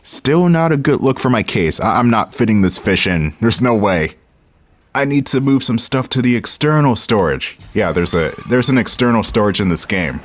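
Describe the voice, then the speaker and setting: A man's voice: fairly low pitch, animated, normal speed. A young man giving wry, laid-back commentary while playing a game, talking straight to his viewers. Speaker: gaming channel host. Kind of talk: casual let's-play commentary.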